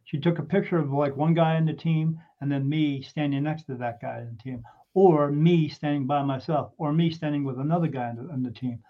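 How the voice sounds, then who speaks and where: A man casually telling a personal story in an animated way, swearing freely and often restarting his sentences. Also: fairly high pitch, a little fast. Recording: dull lo-fi recording.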